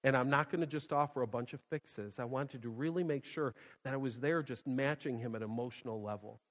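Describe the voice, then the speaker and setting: A male pastor preaching a sermon, swinging from loud emphasis to hushed quiet and repeating phrases for emphasis. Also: medium pitch, brisk. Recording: long hall reverb.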